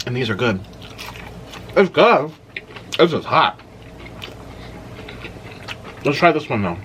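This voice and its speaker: A young man hosting a casual eating vlog, talking freely and letting out loud exclamations as he tries spicy food. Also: mid-range voice, expressive, a little slow, long pauses, a little hiss or hum. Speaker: mukbang host.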